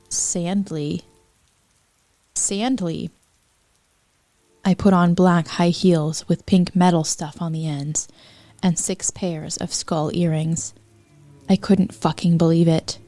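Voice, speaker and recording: Slow, mellow woman reading aloud with wry asides. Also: on the low side. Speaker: podcast host. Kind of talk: comic reading of fanfiction aloud.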